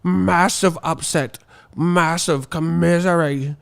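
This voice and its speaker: A man's voice: on the high side, fairly even intonation, slow pace, creaky, fairly bright tone, smooth, voice pushed up, exaggerated voice. A man putting on a mocking voice of a British boxing fan, with an exaggerated put-on British accent and sing-song delivery.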